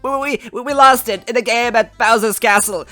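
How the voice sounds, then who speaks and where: A man voicing a whiny, cowardly lanky male villain in a storybook reading, with a shrill yelping voice. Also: moderate pace, pushed and bright, soft background music. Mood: panicky whining.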